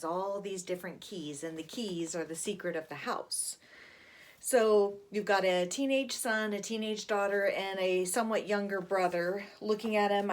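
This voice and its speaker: Chatty woman recommending a book. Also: mid-range voice. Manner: chatty, with lots of fillers. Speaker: book reviewer. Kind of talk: casual book talk with read-aloud.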